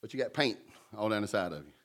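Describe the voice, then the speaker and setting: A man's voice: lowish voice, animated, fast, fairly bright tone. A man pastor preaching a sermon in a conversational way, with humorous stories and asides between scripture readings.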